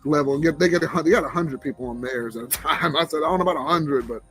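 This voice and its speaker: A man's voice: a little high, very fast, a bit bright. A man with a Southern drawl hosting a casual livestream chat, laid-back and chuckling as he greets viewers. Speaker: livestream host. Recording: faint background music.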